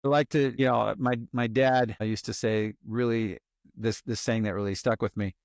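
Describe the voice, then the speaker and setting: Animated male podcast guest, dry close sound. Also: fairly low pitch, normal speed, creaky, dry recording. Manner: animated storyteller who acts out worried inner monologues. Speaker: guest, resilience expert and author. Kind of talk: conversational podcast interview.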